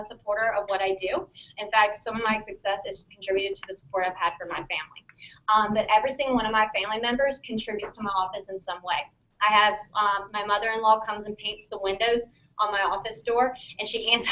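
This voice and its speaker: A woman chiropractor gives a conversational practice-building seminar talk to students, frequently checking in with a questioning "okay?". Her voice is on the high side, pushed and bright, captured on a distant, muffled mic.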